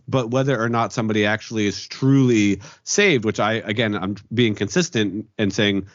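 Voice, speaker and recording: A man's voice: on the low side, normal speed, no echo, dull audio. An American man speaking as a guest in a casual conversation, talking earnestly and acting out imagined exchanges. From United States. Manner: earnest, animated, acts out imagined dialogues, laughs often.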